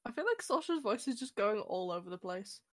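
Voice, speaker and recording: A woman's voice: medium pitch, very animated, fairly quick. A woman playing a tabletop game, joking and wry with the group. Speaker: player.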